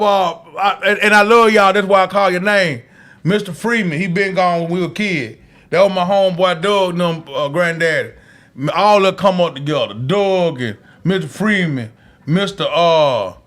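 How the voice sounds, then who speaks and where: High-voiced man telling rowdy stories. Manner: animated, profane storytelling with frequent restarts and laughter. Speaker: podcast co-host. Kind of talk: casual storytelling chat.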